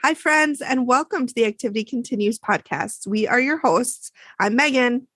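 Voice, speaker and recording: A woman co-hosting a podcast, telling a story in a casual, animated way and acting out the people she quotes. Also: a little high, moderate pace, no echo. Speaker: podcast co-host. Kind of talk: casual chat.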